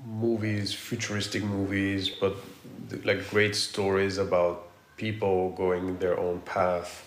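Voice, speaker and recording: A man's voice: low-pitched, little pitch movement, slow pace, slight background noise. A middle-aged man, an architect guest, chatting animatedly with frequent restarts. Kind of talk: casual conversational interview. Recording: roomy echo.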